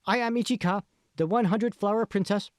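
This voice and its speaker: A coy, theatrical young woman in cosplay, speaking with a Japanese accent in a pitched-up voice far above the reader's own, as a man puts her on. It is an audiobook read in a dry, close room. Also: fairly quick, no room sound, lightly acted.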